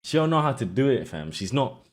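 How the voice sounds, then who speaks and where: Slangy young streamer. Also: male voice, medium pitch, very animated, a little fast. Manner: loose slangy chatter, bursts into shouting. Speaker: streamer reacting to clips. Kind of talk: casual reaction commentary.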